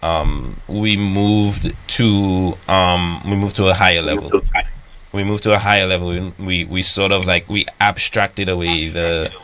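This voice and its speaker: Low, bright-voiced young man explaining casually. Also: fairly even intonation, measured pace, smooth, poor audio. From Dominica. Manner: casual, filler-heavy explaining with many "like"s. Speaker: guest software engineer. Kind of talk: radio interview.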